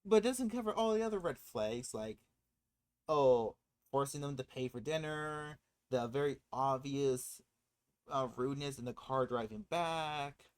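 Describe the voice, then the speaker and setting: A movie commentator in a casual spoiler rant, rambling and cutting in on themself with laughing asides, and getting loud and excited when frustrated. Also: mid-range voice, a little slow.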